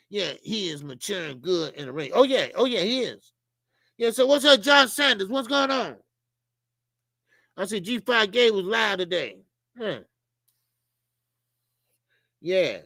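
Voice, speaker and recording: A man's voice: high-pitched, vocal fry, bright, forceful tone, no echo. A man hosting a casual live boxing talk stream, blunt and profane, rambling and addressing viewers in the chat directly. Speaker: boxing channel host.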